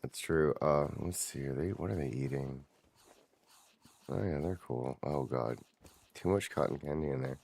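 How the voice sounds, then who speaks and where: A man's voice: rumbling low, normal speed, creaky, a little mellow. A man streaming a game, chatting casually with viewers and swearing offhand as he plays. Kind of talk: casual gameplay commentary.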